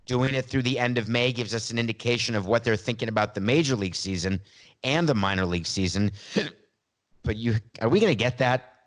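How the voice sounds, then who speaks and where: A man's voice: medium pitch, a little fast. A man talks into a studio podcast mic, emphatic and opinionated. His voice sits in an ordinary mid range. He breaks off now and then for wry asides about himself. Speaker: podcast host. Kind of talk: solo podcast monologue.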